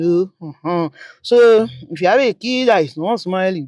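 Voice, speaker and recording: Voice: mid-range voice, animated, normal speed, darkish tone, dry recording. A real estate vlogger with a Nigerian accent, giving a chatty, joking tour from inside a car and drifting off topic often. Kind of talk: casual drive-through tour commentary.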